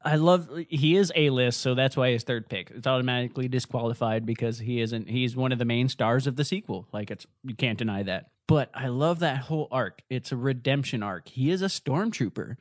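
A man's voice: mid-range voice, fairly quick, few pauses, no echo. Man, podcast co-host, casual chat, enthusiastic, dry recording. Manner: enthusiastic, animated storytelling.

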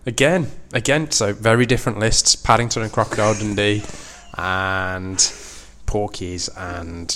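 A man co-hosting a podcast, relaxed and dry, with short replies and measured explanations. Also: fairly low pitch, slight background noise. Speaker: podcast co-host. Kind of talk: casual chat.

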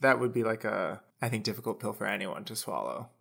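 A man's voice: lowish voice, animated, a little fast, vocal fry, fairly bright tone. A man co-hosting a theatre podcast, talking in a friendly, conversational way. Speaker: podcast co-host. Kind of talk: casual chat.

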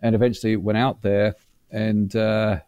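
A man guest telling long, lively anecdotes in a casual interview, acting out quotes as he goes. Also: lowish voice, normal speed, smooth, no echo, highs cut off. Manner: chatty, animated storyteller, acts out quotes. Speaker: guest, former reality show butler.

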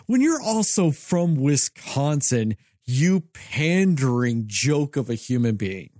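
A man's voice: a little high, sing-song, slow pace, few pauses, a little mellow, dry recording, studio quality. A man co-hosting a podcast in casual chat, ranting in a heated, profane way. He is from Texas. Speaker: podcast co-host.

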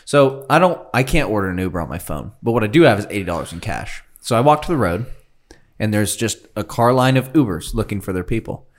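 A man spinning a rambling, easygoing yarn on a casual podcast. His voice is low, but his pitch swings widely as he talks. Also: sing-song, fairly quick. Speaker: podcast co-host. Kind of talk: casual storytelling chat.

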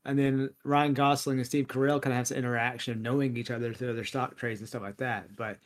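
A podcast co-host chats casually about movies in a fast, medium-pitched voice. He's animated, laughs a lot, and fills his speech with fillers.

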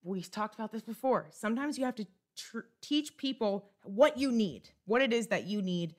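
A woman's voice: on the high side, lively intonation, normal speed, a little mellow. A woman co-hosting a podcast in casual chat, chiming in with support and advice. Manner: supportive, chimes in with reassurance. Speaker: podcast co-host.

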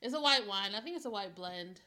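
A woman's voice: mid-range voice, animated, a little fast, bright, forceful tone. A woman hosting a casual podcast chat, blunt and laughing, swearing freely. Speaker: podcast host.

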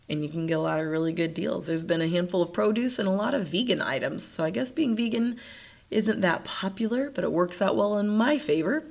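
A woman with a slightly low voice talks her way through a casual solo podcast episode. Her voice comes out nasal and stuffed up, and she sniffles now and then. She keeps the chat upbeat and breaks into laughter often. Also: fairly quick, creaky. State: congested, sniffling. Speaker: podcast host.

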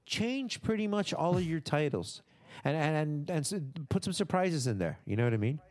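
A man's voice: on the high side, normal speed. A man co-hosting a podcast, chatting casually and animatedly, swearing and acting out what others might say. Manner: animated, swearing, acts out quotes. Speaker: podcast co-host. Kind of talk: casual wrestling chat.

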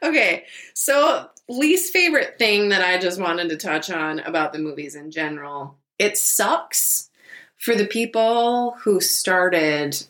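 A woman's voice: on the low side, takes it slowly, fairly bright tone. A woman co-hosting a casual podcast chat, blunt and swearing often. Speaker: podcast co-host.

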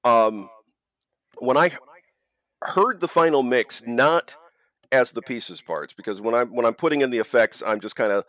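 A man's voice: mid-range voice, normal speed, fairly bright tone. A man hosting a podcast in casual chat, rambling and joking at himself, with frequent restarts. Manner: rambling, self-deprecating, many restarts. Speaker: podcast host and audio producer.

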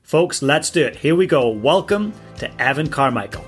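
A man hosting a podcast, reading his show intro and a guest introduction in an upbeat, energetic way, then greeting his guest. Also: fairly high pitch, moderate pace, over music. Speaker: podcast host and success coach.

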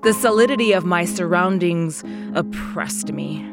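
Slow, low-voiced woman narrating a story. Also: lively intonation, music in the background. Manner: slow, measured and wistful. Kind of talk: audiobook narration of a classic story.

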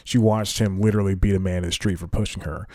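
A man with a fairly low, mellow voice hosts a casual podcast, rambling and correcting himself as he goes. He laughs at his own asides. The recording is dry and close. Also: fairly even intonation, quick pace, no room sound. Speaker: podcast host. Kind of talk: casual solo podcast talk.

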